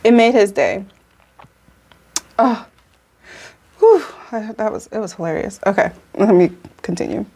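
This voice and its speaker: A woman's voice: medium pitch, lively intonation, a little slow, pauses often, mellow, breathy edge. Giggly chatty woman vlog host. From Atlanta, Georgia, USA. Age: 30s. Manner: giggly, chatty, laughs often. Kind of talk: casual reaction commentary.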